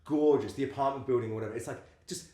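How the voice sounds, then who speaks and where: A man co-hosting a podcast who talks about films in a rambling, excitable way, full of fillers. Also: medium pitch, fast. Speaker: podcast co-host. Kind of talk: casual film discussion. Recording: roomy echo.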